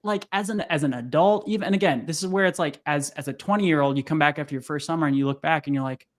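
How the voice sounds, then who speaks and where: A man's voice: quick pace, few pauses. A young man, a podcast guest, telling a personal story in casual conversation, acting out what people said in a raised voice. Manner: animated, acts out quotes in high voices. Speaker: podcast guest, sales coach.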